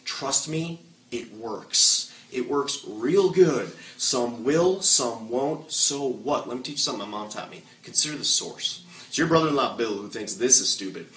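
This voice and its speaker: A man giving an energetic, joking motivational sales training talk to an audience, firing off rhetorical questions. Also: mid-range voice, normal speed. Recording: echoey room, mic far off.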